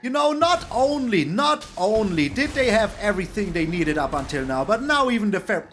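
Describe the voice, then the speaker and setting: A man giving excitable gameplay commentary on a card game, exclaiming and repeating words for emphasis. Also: sits high, moderate pace, few pauses, faint music behind. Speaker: streamer playing a card game.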